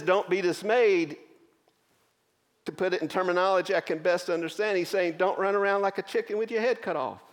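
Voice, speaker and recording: Man preaching in an echoing church. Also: high-pitched. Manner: earnest, explaining scripture with many pauses. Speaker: pastor. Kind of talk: sermon. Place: church sanctuary. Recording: long church reverb.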